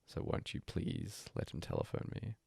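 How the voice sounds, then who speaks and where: A man reading a bedtime story aloud as a hushed, breathy first-person monologue. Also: normal speed, no echo, clean studio sound. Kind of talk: soft-spoken story reading.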